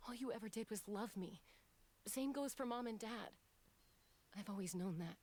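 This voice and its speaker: A woman's voice: a little high, moderate pace, darkish tone, close to an everyday voice. A woman voicing a protective older sister warrior in a game cutscene, firm, reassuring and insistent. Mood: pleading. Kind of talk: video game cutscene voice acting.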